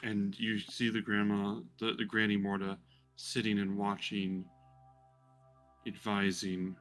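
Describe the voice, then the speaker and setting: Guy running a tabletop game, lowish voice, lots of ums, faint music behind. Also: little pitch movement, measured pace, fairly bright tone. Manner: hesitant, many ums, descriptive. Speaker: game master.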